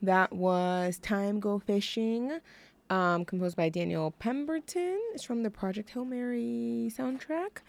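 A woman's voice: medium pitch, lively intonation, takes it slowly, creaky. A young woman hosting a college radio show, chatting casually and rambling with lots of fillers. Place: radio studio.

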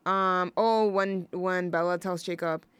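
A woman's voice: fairly low pitch, steady tone, measured pace, a bit bright, clean tone, no room sound. A young woman hosting a college radio show, chatting on her own in a rambling, gushing way full of fillers and restarts. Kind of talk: casual solo radio chat.

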